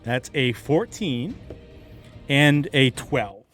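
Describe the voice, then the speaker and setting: A man narrates a tabletop battle as game master, lively and quick to add sound effects. His voice sits at a middle pitch, with faint music in the background.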